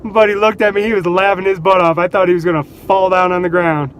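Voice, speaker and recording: A man with a fairly high voice tells casual stories to the camera. He is animated, laughs often and slips into voices for the people in his stories. There is a faint hum of outdoor traffic behind him. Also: fast talker. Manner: animated, laughs between anecdotes, acts out quotes. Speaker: vlogger. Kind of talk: casual storytelling.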